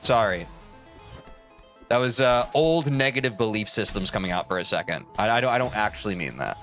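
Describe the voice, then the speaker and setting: A man's voice: fairly low pitch, lively intonation, brisk, fairly bright tone, faint music behind. A man streaming a platform game, joking and rambling at his chat and mocking himself. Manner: jokey, rambling, self-mocking, talks to chat. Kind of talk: casual live-stream commentary while playing.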